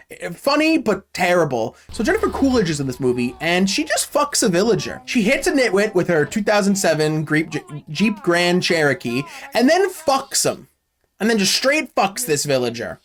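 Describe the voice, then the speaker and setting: A man recaps a film in a loose, sarcastic vlog style, swearing freely as he goes. His voice sits a touch high for a man and swings widely up and down as he tells it. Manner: sarcastic, profane, animated storytelling. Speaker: YouTuber reviewing a film. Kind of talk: casual movie recap and review.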